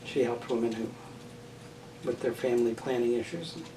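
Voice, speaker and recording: An older man answers interview questions about family and marriage in a measured, halting way, often pausing and restarting his sentences. He is heard from some distance in a roomy space. A faint background hiss sits under the voice. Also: medium pitch. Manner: thoughtful, halting, many fillers and restarts. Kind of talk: oral history interview.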